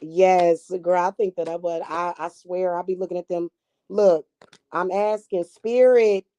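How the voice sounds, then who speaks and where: A woman's voice: fairly low pitch, steady tone, measured pace, mellow. A woman talking casually to camera, brash and profane, about witchcraft and spirit work. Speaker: spiritual reader and vlogger.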